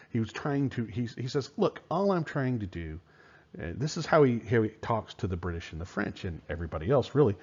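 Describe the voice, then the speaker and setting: A man teaching history in a relaxed, conversational lecture, with fillers and rhetorical questions. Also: on the low side. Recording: dull lo-fi recording.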